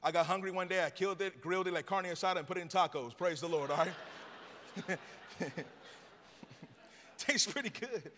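A man's voice: high-pitched, normal speed, long pauses, a bit bright, in a large hall, slight background noise. A man preaching a sermon in a church, joking with the congregation and drawing answers back from them. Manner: call-and-response with the congregation; playful storytelling. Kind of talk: sermon with jokes.

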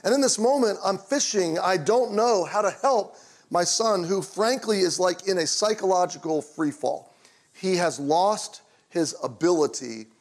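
Middle-aged guy preaching, telling a story like chatting with friends, voice a bit high. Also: a little slow. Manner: conversational storyteller, drops to quiet low tones in tender moments. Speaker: pastor. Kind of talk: sermon with personal story.

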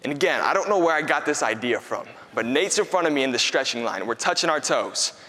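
A young man preaching a sermon, telling a lively story with repeated phrases. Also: mid-range voice, quick pace. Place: church hall. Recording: long hall reverb.

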